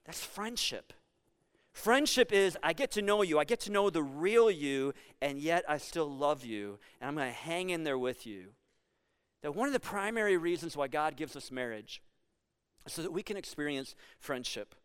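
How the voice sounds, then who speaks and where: A high, smooth-toned man delivers a sermon as pastor. He talks to the congregation in a loose, joking way and then drives his points home with emphasis. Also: lively intonation, normal speed. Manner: conversational and jokey, building to emphatic points.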